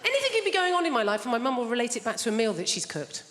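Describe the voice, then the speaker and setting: A woman's voice: on the high side, big pitch swings, racing, fairly bright tone. Chatty woman comedian teasing the crowd. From England. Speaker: stand-up comedian. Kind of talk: stand-up comedy set. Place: large theatre stage. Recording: reverberant live theatre, noisy. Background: audience laughter.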